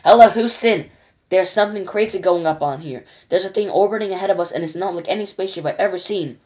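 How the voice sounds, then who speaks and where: A flustered male astronaut, raised and urgent as he reports what he sees, as a woman reads him in a storybook. He stammers and hurries, voice lifted above the reader's low natural tone. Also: fast, darkish tone, close to an everyday voice. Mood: excited. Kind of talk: children's storybook reading.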